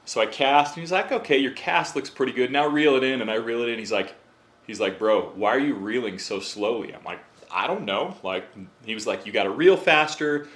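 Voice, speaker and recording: A man who is a podcast guest, telling a story in a casual, animated way and acting out what others said. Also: medium pitch, a little fast. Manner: animated, acts out quotes in other voices.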